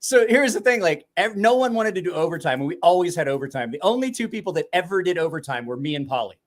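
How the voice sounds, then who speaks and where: Man in his 40s, brisk rambling storyteller, lots of cussing, voice a touch high. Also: lively intonation. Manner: rambling storyteller, swears constantly, laughs often. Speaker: podcast host. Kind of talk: casual profane chat.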